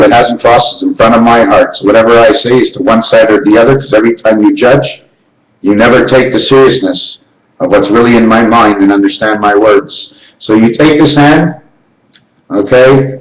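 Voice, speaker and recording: A man's voice: normal speed, echoey room, poor audio. A man in a rambling monologue, chanting numbers and letters and jumping between ideas. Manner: rambling, rhythmic counting and chanting, sudden jumps in pitch.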